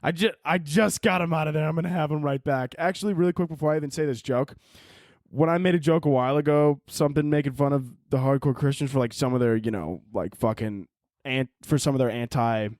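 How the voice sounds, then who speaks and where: A man's voice: a little high, a little fast, a little mellow, no room sound, clean studio sound. A man hosting a solo podcast, rambling and joking with frequent swearing. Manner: rambling, profane, jokey. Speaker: podcast host.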